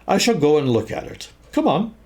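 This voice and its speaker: A man voicing a gentle, kindly young boy in a storybook reading for children, calm and soft-spoken. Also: a little high, brisk, voice pushed up.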